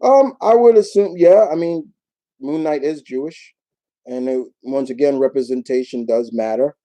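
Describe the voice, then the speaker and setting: New york guy hosting a live q&a, rambly, lots of restarts, really dark warm voice. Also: medium pitch, moderate pace, low-quality recording. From New York, United States. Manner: rambling, animated storytelling with many restarts. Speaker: YouTube show host. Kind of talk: casual live Q&A chat.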